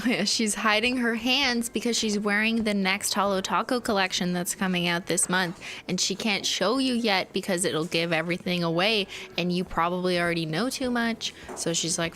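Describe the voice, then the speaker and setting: Giggly, bright-voiced Canadian woman streaming. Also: mid-range voice, normal speed, few pauses. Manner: giggly, profane, mimics characters. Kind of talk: live game commentary.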